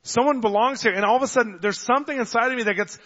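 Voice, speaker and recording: A man preaching a sermon, telling stories in an animated way, acting out the voices of the people in them and getting loud at times. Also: very high voice, very fast. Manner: animated storyteller, acts out voices, gets loud. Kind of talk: sermon with storytelling. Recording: dull long hall reverb.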